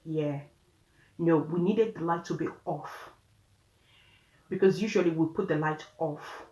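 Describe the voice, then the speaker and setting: A woman's voice: low-pitched, a little slow, dark tone. A woman with a Nigerian accent tells a story casually, chatty and often laughing as she talks straight to her viewers. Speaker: vlogger. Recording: roomy room echo.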